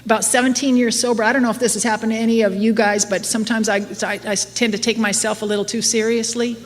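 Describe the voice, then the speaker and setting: A fast-talking middle-aged woman, her voice on the high side with little pitch movement, shares her recovery at an AA meeting. She's candid and self-mocking and laughs often, and the hall recording carries long reverb with faint noise.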